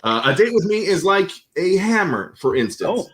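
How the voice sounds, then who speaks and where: A man explaining an improv game to the audience, halting and full of fillers. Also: sits high, very animated, fairly bright tone, a little hiss or hum. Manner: hesitant, filler-heavy explaining. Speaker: improv performer and game host. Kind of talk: live improv comedy.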